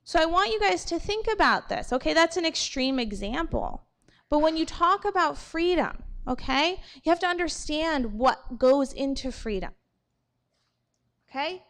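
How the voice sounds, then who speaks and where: A woman from New giving a morning assembly talk to students, animated and checking in with "okay?" and "right?" after her points. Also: high voice, unhurried. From New York. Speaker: school assembly speaker.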